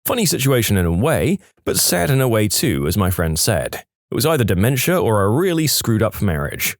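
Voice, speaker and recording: A man narrating online stories in a wry, animated, scripted way. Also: fairly low pitch, fairly quick, no room sound, studio quality. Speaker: story narrator.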